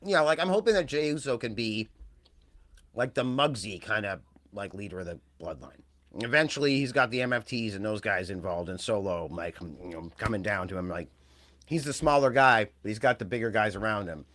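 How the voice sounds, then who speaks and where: A man's voice: on the low side, lively intonation, a little fast, fairly bright tone, no room sound. A man co-hosting a wrestling podcast, talking in a rambling, casual way that trails off and restarts. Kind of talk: casual chat.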